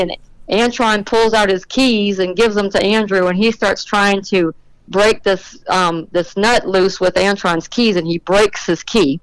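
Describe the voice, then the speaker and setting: A middle-aged woman being interviewed on a podcast, telling an animated story about her racing and acting out the voices of the people in it. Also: mid-range voice, a little slow, clear, resonant tone, no echo, poor audio. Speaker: drag racing motorcycle rider, guest.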